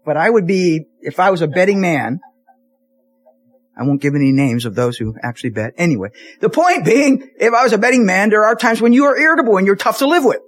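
A man preaches to his congregation with a slightly raised, husky voice. He jumps between serious points and jokey asides, stumbling and restarting as he goes. His pitch rises and falls widely. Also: brisk, soft background music. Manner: animated, jokey storytelling with many restarts. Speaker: pastor. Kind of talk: sermon. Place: church sanctuary.

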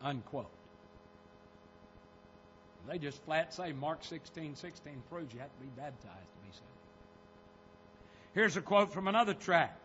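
A man's voice: a little high, expressive, a little slow, long pauses, lo-fi sound, noisy background. A man preaching a sermon, pressing hard on quoted scripture as he reads it. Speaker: pastor.

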